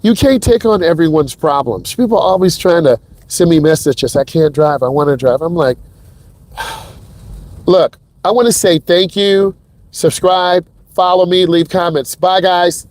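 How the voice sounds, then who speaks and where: Recorded with no room sound, this man has a high-pitched, darkish voice and talks a little slowly. As a driving instructor at the wheel, he delivers energetic, viewer-directed commentary on a live driving lesson.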